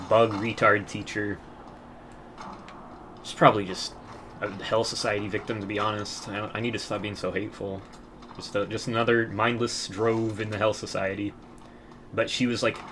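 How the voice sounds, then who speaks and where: A man's voice: lowish voice, sharp tone, a little hiss or hum. A young man giving casual gameplay commentary, telling rambling stories in a crude, profane way and often laughing.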